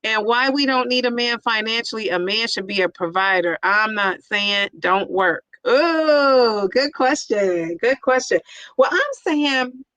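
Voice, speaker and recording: A woman's voice: a little high, animated, unhurried, a bit bright, no room sound, low-quality recording. A woman hosting a livestream, reading viewer comments aloud and reacting with frequent laughter and repeated "yes, yes.". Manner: chatty with false starts. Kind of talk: casual chat.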